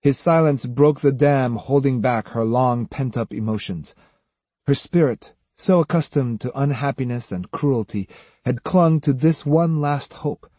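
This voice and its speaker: A man reading a novel aloud as audiobook narrator, in a measured, even way, close to the mic. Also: medium pitch, no room sound. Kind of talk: scripted narration.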